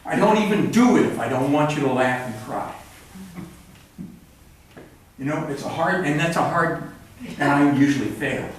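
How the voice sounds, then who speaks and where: An author reads his work at a live event in a cultural center's event room, his fairly high voice animated at a moderate pace, with frequent pauses. He keeps things wry and plainspoken and rambles in asides between pieces. The live recording is roomy, captured on a distant mic.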